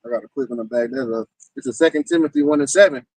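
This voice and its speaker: A man in casual group talk who quotes scripture, speaking emphatically and slowing down for the verses. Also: mid-range voice, expressive, creaky, dry recording, distant mic, low-quality recording. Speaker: participant in a group discussion.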